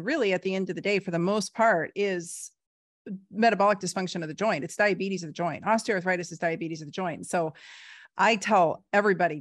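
A woman's voice: dry recording, studio quality. A woman in her forties, a doctor talking frankly and energetically as a guest in a casual interview. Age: 40s. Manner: lively, frank, uses emphatic "boom" and laughs.

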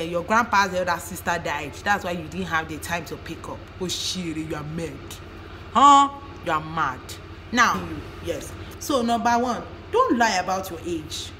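A young Nigerian woman vents straight to camera, blunt and mocking, dropping curses as she scolds. Her fairly low voice rings in a roomy room, and a faint hiss sits underneath. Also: pushed and bright. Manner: blunt, profane, emphatic, mocking. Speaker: vlogger. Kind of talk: ranting vlog to camera.

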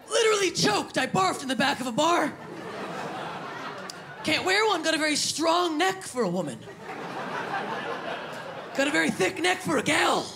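Gravelly brash woman comic on stage. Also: fairly high pitch. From Canada. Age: 30s. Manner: brash, self-deprecating, with loud shouted punchlines. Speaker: stand-up comedian. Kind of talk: stand-up comedy set. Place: comedy venue stage with live audience. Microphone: handheld microphone. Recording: live room with audience and background noise.

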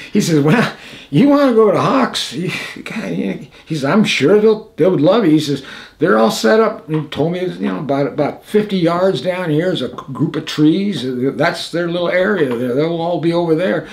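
An older man, a veteran being interviewed, telling stories animatedly, acting out the lines of others and laughing often. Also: a little high. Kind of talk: storytelling interview.

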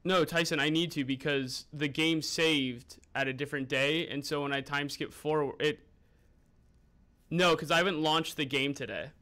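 A man's voice: on the high side, fairly even intonation, moderate pace, pushed and bright. A young man streaming a game live, chatting casually and greeting viewers by name as he plays and eats. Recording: music playing underneath.

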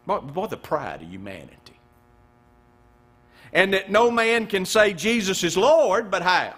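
A man, a pastor preaching a sermon, firing rhetorical questions and dropping suddenly to a hush. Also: sing-song, a little slow, slightly rough. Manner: preaching with swooping pitch, rhetorical questions and sudden hushed drops.

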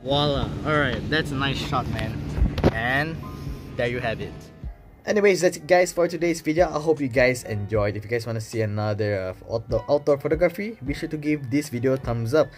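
Setting up photos outside, a man narrates his vlog in easygoing slang, thinking out loud as he shoots. He sounds animated and brisk, speaking at medium pitch over music.

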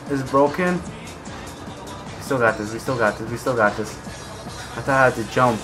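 A young man giving gameplay commentary, swearing, swinging between low mutters and raging shouts. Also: a little slow, pauses often, music in the background. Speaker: gaming video creator.

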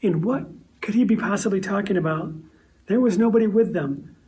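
Conversational preacher, slightly high voice. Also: male voice, a little fast, a little mellow. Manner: conversational storytelling with rhetorical questions. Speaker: pastor. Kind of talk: sermon. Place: church sanctuary. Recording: voice distant from the mic.

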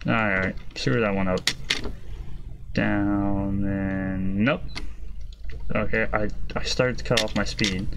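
Young man, casual gameplay commentary, stammering, self-deprecating, keyboard clicks and noise behind. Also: on the low side. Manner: stammering, self-deprecating, excitable when succeeding. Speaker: gaming YouTuber. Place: home gaming setup.

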